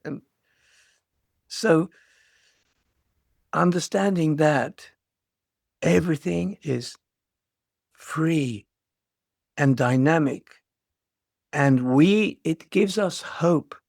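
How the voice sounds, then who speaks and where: A man's voice: on the high side, vocal fry, no room sound, studio quality. An older man giving a dharma talk as a meditation teacher, reflective and storytelling, often restarting his phrases.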